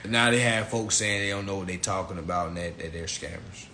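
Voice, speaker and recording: A man's voice: lively intonation, a little slow, pushed and bright, a little hiss or hum. A man hosting an online class on a live stream, ranting bluntly and mockingly at his listeners. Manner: blunt, profane, mocking, mimics people in high voices. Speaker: online finance class host.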